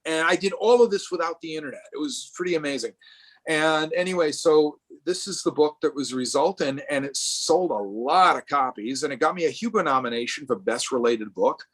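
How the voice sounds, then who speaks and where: A man's voice: on the high side, brisk, fairly bright tone. Rambling, restart-prone middle-aged man. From Rhode Island. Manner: rambling with many restarts and fillers. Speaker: guest artist. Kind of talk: casual talk in a live artist event. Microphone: video call.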